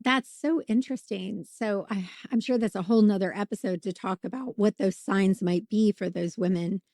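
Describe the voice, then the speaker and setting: Woman host, scratchy, losing her voice, medium pitch, dry close sound. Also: normal speed, no room sound. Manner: warm interjections, conversational questioning. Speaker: podcast host, labor nurse. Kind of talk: casual podcast interview.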